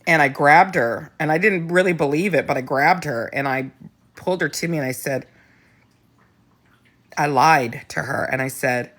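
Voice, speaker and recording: Low-voiced blunt woman host. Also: normal speed, fairly bright tone. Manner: candid, blunt, swears, many restarts. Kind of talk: casual live chat.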